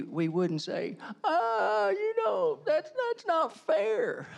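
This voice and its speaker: A middle-aged man preaching a sermon as a pastor, emphatic and animated, full of rhetorical questions. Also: fairly high pitch.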